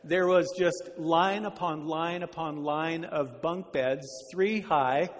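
A man preaching a sermon, telling a story earnestly and slowing down on key words. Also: a little high, steady tone, big-room sound. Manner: earnest, slows down for emphasis.

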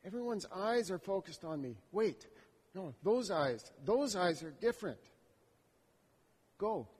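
A man's voice: high-pitched, animated, normal speed, a little mellow, slightly rough. A man telling a story as a first-person dramatic monologue, in an intimate, reflective inner voice. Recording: long hall reverb.

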